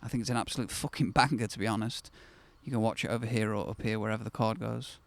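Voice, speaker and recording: A man's voice: lowish voice, fairly even intonation, fast talker, vocal fry, dry recording. A man in his thirties, the host of his own channel, telling a personal story to camera in a candid, conversational way that turns reflective and then bursts with enthusiasm.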